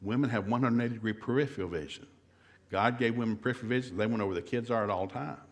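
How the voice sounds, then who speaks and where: A man's voice: medium pitch, very fast. A middle-aged man giving a humorous marriage seminar talk in a folksy, joking way, acting out couples' dialogue. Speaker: guest seminar speaker.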